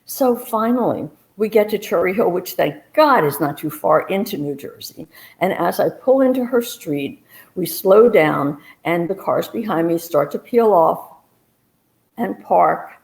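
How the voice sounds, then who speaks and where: A woman private detective telling a personal story on stage in a lively way, acting out what people said. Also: on the low side, unhurried, vocal fry, rough recording. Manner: lively storytelling, acts out quotes.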